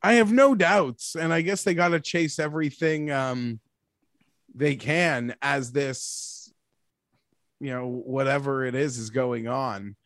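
A man's voice: medium pitch, takes it slowly, a bit bright, no echo, studio quality. A man co-hosting a casual podcast chat, wry and a bit rambling. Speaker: podcast co-host.

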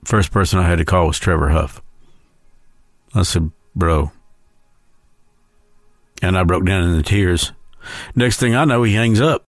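A man hosting a podcast, telling a slow, heartfelt personal story in a storytelling tribute. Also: deep voice, no echo, clean studio sound. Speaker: podcast host.

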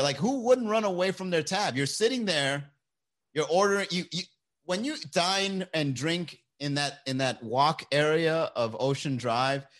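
A man's voice: mid-range voice, a bit bright. Joking, rambling male streamer. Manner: rambling, joking, profane, laughs often. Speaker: live-stream host. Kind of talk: casual live-stream chat.

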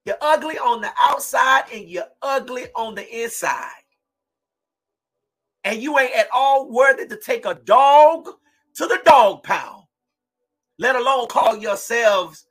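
A man hosting a true-crime podcast, giving impassioned commentary in a preachy way and breaking into shouts. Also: very high voice, lively intonation, takes it slowly, long pauses, slightly rough, soft background music, low-quality recording. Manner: fiery, preachy, shouts in bursts. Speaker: podcast host.

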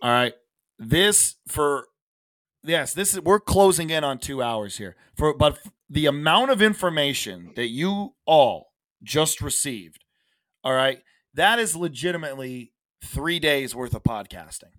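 A man's voice: on the high side, animated, unhurried, a bit bright, dry recording. A man co-hosting a casual sports podcast, talking emphatically, restarting phrases and dropping in frequent "all right"s. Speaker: podcast co-host.

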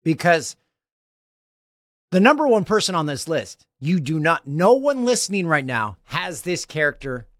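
A man in his forties hosting a podcast in casual chat, animated and jokey, laughing often. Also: on the high side, a little slow, no echo, studio quality. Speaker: podcast host.

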